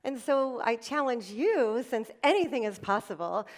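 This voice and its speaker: A middle-aged woman giving a motivational keynote at an event, telling stories with dramatic pauses. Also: fairly high pitch. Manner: animated storytelling with dramatic pauses. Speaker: motivational speaker. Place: event hall.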